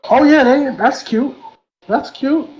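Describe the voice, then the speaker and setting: Slow-talking man in voice chat. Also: very high-pitched, darkish tone. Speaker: voice chat participant. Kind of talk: casual group voice chat. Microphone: online voice chat mic. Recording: muffled lo-fi voice chat audio.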